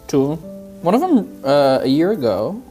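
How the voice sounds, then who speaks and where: A woman co-hosting a podcast in casual chat, candid and quick to laugh, repeating herself as she thinks. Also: low-pitched, sing-song, music in the background. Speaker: podcast co-host.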